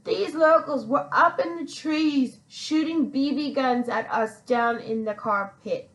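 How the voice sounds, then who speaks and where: A woman's voice: high voice, slow, fairly bright tone, low-quality recording. A woman hosting a podcast, telling a personal story in a rambling, chatty way and calling herself "your girl". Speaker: podcast host.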